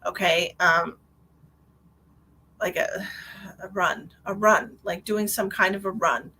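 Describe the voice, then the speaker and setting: A chatty woman medium on a live stream, talking in a bright, forward voice. She keeps restarting her sentences and scatters "like" everywhere. Her pitch sits in an ordinary middle range. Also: slow pace, slightly rough, rough recording. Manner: chatty, animated, full of "like" and restarts. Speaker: psychic medium. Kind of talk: live-streamed psychic reading.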